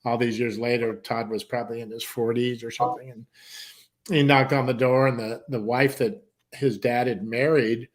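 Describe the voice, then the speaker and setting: Speaking at a moderate pace with a level tone and mid-range voice, this man is a country music artist from San Diego, California. On a talk show he spins a long, animated personal story, imitating the other characters' voices and cursing offhandedly.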